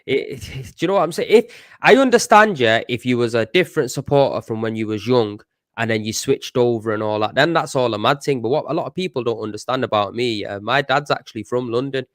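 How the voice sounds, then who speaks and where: Laid-back Manchester lad hosting a football chat. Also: male voice, mid-range voice, quick pace, fairly bright tone, no echo, studio quality. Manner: laid-back street slang, friendly banter. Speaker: host.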